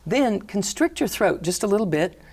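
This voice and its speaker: A middle-aged woman, a healing teacher, calmly guiding a breathing exercise and talking about her work in an interview. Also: mid-range voice, breathy edge. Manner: calm, slow guiding cues. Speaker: energy healing teacher, guest. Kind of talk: guided breathing instruction and interview.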